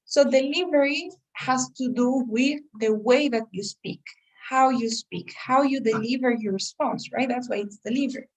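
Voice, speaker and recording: This high-voiced woman talks at a moderate pace while leading an English test-prep lesson. She is patient in her explanations and often checks on how her students are doing, and the recording places her slightly away from the mic.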